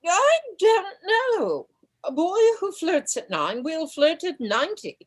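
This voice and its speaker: A worldly wedding guest, played by a woman on stage, who speaks in a knowing, dry way. Her delivery is slow, and her pitch moves widely. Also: very animated, full character voice.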